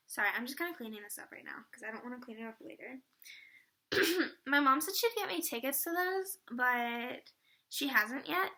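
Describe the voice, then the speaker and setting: Bubbly high-voiced teenage girl vlogger. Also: sharp tone. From Atlanta area, US Southern. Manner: bubbly, rambling with many fillers. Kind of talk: casual chat.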